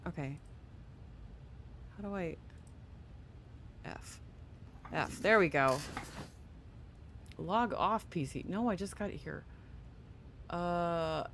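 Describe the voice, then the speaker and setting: Let's play host, sleepy and yawning, reads tutorial text aloud, quick offhand asides, mid pitch, faint low background hum. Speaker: gaming channel host. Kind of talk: casual let's play commentary.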